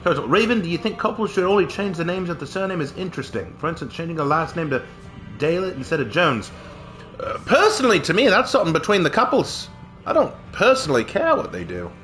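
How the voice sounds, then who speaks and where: A man's voice: a little high, very animated, fairly quick, a bit bright, faint music behind. A game streamer, a man, chatting through his matches in a hammy put-on British accent full of mock slang. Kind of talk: gaming livestream commentary.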